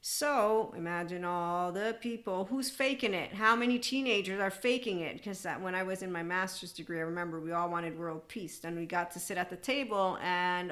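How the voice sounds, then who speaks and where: A woman hosts her own spiritual self-help podcast, speaking alone to her listeners. Her voice is bright and forward. She rambles from thought to thought with excitable energy and often slips into bits of song and laughter. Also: mid-range voice. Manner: rambling, excitable, breaks into sung snippets and laughter. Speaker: podcast host.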